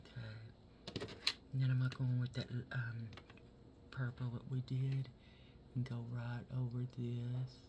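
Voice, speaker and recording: A man talks to his viewers at an unhurried pace as he does his makeup, loose and full of swearing. He drops to a near-whisper while he blends. A steady hiss of background noise sits under his voice. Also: mid-range voice, lo-fi sound. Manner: chatty and profane, talks straight to viewers. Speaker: makeup vlogger. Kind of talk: casual chat while doing makeup.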